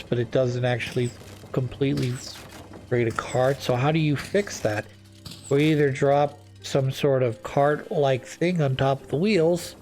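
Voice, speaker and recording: A man's voice: medium pitch, a little mellow. A man hosting a let's-play, chatting casually and drifting between topics as he plays, with lots of fillers and restarts. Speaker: gaming channel host. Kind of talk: rambling let's-play commentary.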